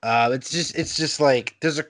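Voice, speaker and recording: A man chatting casually as a podcast co-host, relaxed and easygoing. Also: on the high side, moderate pace. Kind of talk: casual chat.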